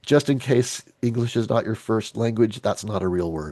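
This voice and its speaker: A man leading a virtual team meeting, talking casually and joking, with halting restarts over a video call. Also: on the low side, expressive, darkish tone, no room sound, studio quality. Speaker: team leader.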